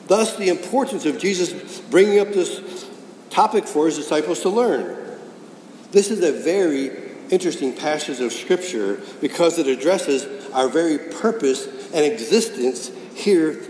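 A man's voice: a little high, a little mellow, slight background noise. A man preaching a sermon, pressing his points with rhetorical questions and repetition. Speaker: pastor. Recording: echoey hall with faint ambience.

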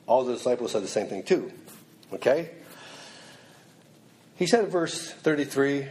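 A man's voice: mid-range voice, expressive, moderate pace, pauses often, a little mellow. A man preaching a sermon, stressing points by repeating them and acting out the lines he quotes. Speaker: pastor.

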